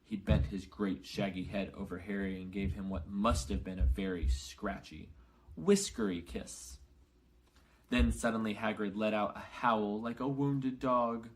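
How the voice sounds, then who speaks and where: A male English teacher reading a novel aloud for learners, clearly and carefully, with short explanations. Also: lowish voice, a little slow, poor audio.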